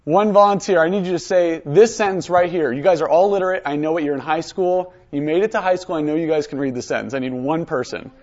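A man teaching a high school Bible lesson, coaxing students to read aloud with conviction. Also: fast, hardly any pauses, darkish tone, dull audio.

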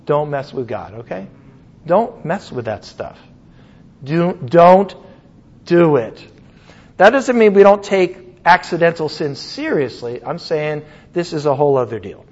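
A male pastor preaching with a high, lively voice. He talks to the congregation casually, full of asides and quick check-ins. The recording sounds dull and lo-fi. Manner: animated, conversational preaching with frequent asides. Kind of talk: sermon.

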